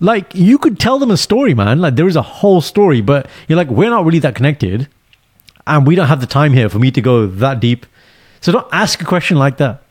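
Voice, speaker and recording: A young man co-hosting a podcast, chatting casually, animated and laughing often, dropping Punjabi phrases in. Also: medium pitch, no room sound, studio quality. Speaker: podcast co-host. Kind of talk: casual chat.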